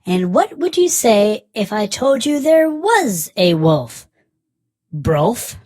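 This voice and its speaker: A sly old witch who rhymes everything, breathy and teasing, as a male storyteller puts her on. The voice sits high and swoops all over, and every word is slow and drawn out. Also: big pitch swings, darkish tone, dry recording, clean studio sound, full character voice. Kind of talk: storybook voice acting.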